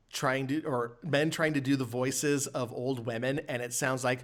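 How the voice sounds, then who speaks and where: A man's voice: medium pitch, steady tone, unhurried, few pauses. A man co-hosting a podcast in casual chat, laughing often, swearing, and mocking things he finds bad. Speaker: podcast co-host.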